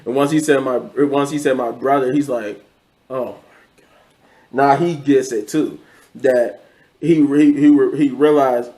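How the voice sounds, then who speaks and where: A man's voice: medium pitch, fairly even intonation, measured pace, dark tone, poor audio. A man casually recapping a TV episode, rambling, with many restarts and quoted lines. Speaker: show reviewer.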